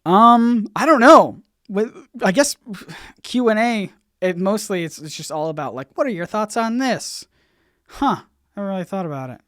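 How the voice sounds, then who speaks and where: A man hosting a casual livestream Q&A, rambling and halting, full of fillers and restarts, with his volume bouncing up and down. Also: high voice, animated, no room sound, clean studio sound. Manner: swings in loudness, bouncy. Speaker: YouTube channel host.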